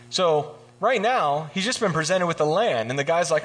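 A man giving a casual, joking sermon, retelling scripture and acting out the characters in quick voices. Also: a little high, expressive, fairly bright tone. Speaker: preacher.

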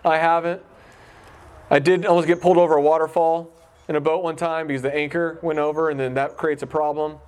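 High-voiced man giving a casual Bible talk. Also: flat delivery, fairly quick, darkish tone, clear, resonant tone. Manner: conversational, asks the listener questions. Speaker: pastor.

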